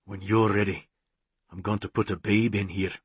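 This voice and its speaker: A man voicing a brooding immortal Highland warrior, speaking low, hushed and tender. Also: unhurried, slightly rough, dry recording.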